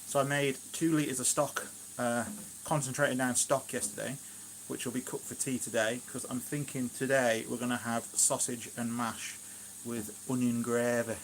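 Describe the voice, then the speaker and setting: Shropshire man, mid-pitched, rambling kitchen live-stream chat, lots of fillers and asides. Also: level tone, moderate pace, hardly any pauses, slight background noise. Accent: Shropshire English. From England, Shropshire. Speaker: gardening vlogger, live streamer. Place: at home in his kitchen.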